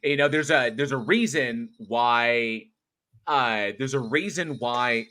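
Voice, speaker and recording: A man hosting a casual livestream, chatting and getting animated as he tells stories. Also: mid-range voice, takes it slowly. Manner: excitable, animated when telling stories. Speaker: host.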